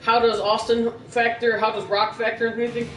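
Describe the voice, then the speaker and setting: A man's voice: very high-pitched, level tone, fairly quick, a bit bright. Man from the midwest, wrestling podcast co-host, joking banter, echoey room, distant mic, faint music. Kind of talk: casual chat.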